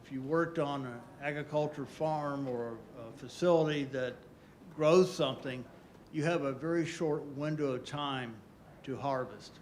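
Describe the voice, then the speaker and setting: A man's voice: medium pitch, measured pace. An older man from Southwest Florida giving a folksy, storytelling conference talk, repeating phrases for emphasis. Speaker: conference speaker.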